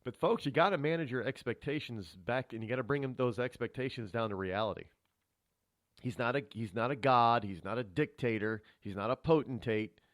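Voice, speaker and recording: A man hosting a radio talk show, rambling through a solo monologue of political commentary with many restarts. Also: brisk. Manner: rambling, restarts often, animated pitch swings. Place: radio studio.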